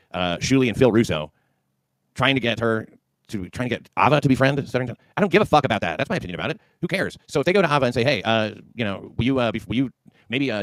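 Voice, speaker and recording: A man's voice: fairly low pitch, no room sound, studio quality. A man hosting his own livestream, ranting in a profane, combative way with many fillers and restarts. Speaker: livestream host. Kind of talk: ranting monologue.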